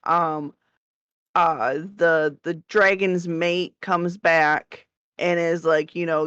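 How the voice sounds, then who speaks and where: A woman co-hosting a podcast, telling a story in an animated way, swearing and laughing as she goes. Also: on the low side, takes it slowly, clean tone, dry recording. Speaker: podcast co-host. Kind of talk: casual chat. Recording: dull lo-fi dry sound.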